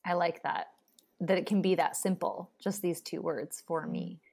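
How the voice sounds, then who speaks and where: A woman's voice: lowish voice, fairly even intonation, normal speed, creaky, a little mellow, slightly rough. A woman hosting a podcast in casual chat, reflectively summing up what was discussed. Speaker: podcast host.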